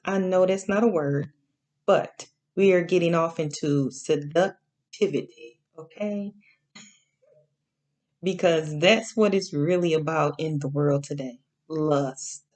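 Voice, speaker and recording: A woman teaching a Bible lesson in a casual spoken sermon, slow and repetitive, often checking in with "okay?" and drawing out key words. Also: lowish voice.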